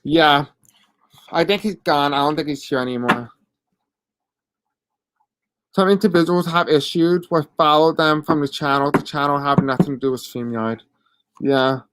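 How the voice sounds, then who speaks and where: Live-stream reader, deaf accent, halting and apologetic, smooth clear tone, dry close sound. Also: medium pitch, fairly even intonation, a bit bright, no echo. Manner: halting and apologetic, many fillers. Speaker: host giving live spiritual readings. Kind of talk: live-stream reading, answering chat questions.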